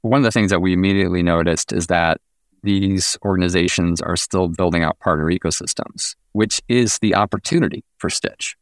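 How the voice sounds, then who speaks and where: A man's voice: low voice, fairly quick, dry recording, clean studio sound. A man, a company founder, answering as a guest on a business podcast and sometimes acting out quoted exchanges. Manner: animated, acts out quoted exchanges.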